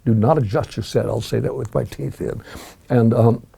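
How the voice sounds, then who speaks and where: An older man with a gravelly, husky voice, talking as an interview guest and musing over his memories with frequent restarts. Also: medium pitch, fairly even intonation, moderate pace, mellow. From United States. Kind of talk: reminiscing interview talk.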